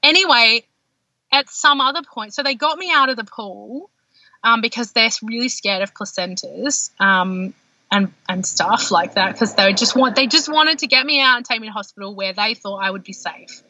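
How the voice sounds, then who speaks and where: Animated woman, bright and higher. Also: moderate pace. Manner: animated, heavy use of filler words. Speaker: podcast guest. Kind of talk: telling a personal birth story. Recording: dull lo-fi dry sound.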